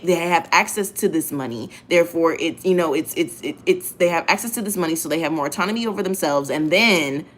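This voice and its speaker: A woman hosting a casual monologue in a blunt, profane, emphatic way, often repeating phrases for effect. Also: on the low side. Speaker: host.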